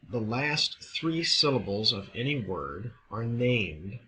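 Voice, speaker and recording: A man teaching a recorded lesson, explaining step by step in a measured way. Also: lowish voice, sharp tone, slight background noise, low-quality recording. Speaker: Greek teacher. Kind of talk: recorded classroom lecture.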